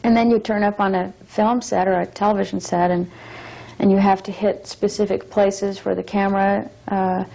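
A young adult actress speaking as an interview guest, thoughtful and measured, reflecting on her work. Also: mid-range voice, flat delivery, creaky, mellow, poor audio.

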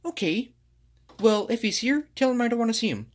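A woman's voice: on the high side, animated, brisk, natural voice. A woman voicing a grumpy, rude male green ogre, sighing and grumbling in home toy play-acting.

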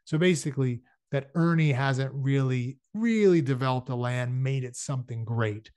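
A man's voice: medium pitch, normal speed, few pauses, a little mellow, no echo. Man reading a novel aloud. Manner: casual explanatory asides between passages. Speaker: audiobook reader.

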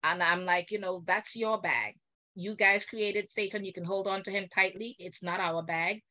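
Older woman guest on a video call, indignant and animated, acts out quotes, mid-pitched. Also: moderate pace.

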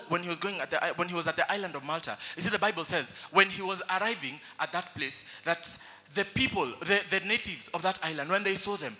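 Animated Kenyan preacher, high bright voice. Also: male voice. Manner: animated preaching, switching between English and Swahili. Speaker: pastor. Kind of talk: sermon.

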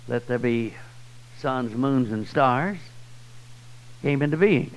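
A man with a Southern US accent preaching a sermon, swinging from loud, high cries to low, quiet passages. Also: slow pace, rough recording. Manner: swells loud and high then drops low and soft. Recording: old 1990s church tape.

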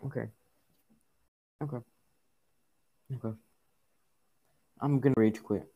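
A young man giving frustrated gameplay commentary, muttering to himself and breaking into loud exasperated outbursts. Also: fairly low pitch, moderate pace, creaky, long pauses. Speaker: gaming video creator.

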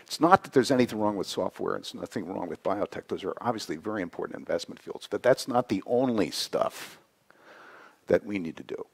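A man giving a conversational conference talk, often ending points with a quick "right?". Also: on the low side, animated, vocal fry. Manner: conversational, frequent "right?" tags. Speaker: conference speaker. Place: conference hall.

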